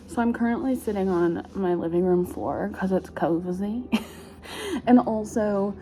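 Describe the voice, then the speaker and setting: A woman's voice: medium pitch, measured pace. A young woman chatting casually to camera from her living room floor, laughing often and filling her talk with "like" and "um". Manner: chatty, animated, laughs often, many fillers. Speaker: vlogger.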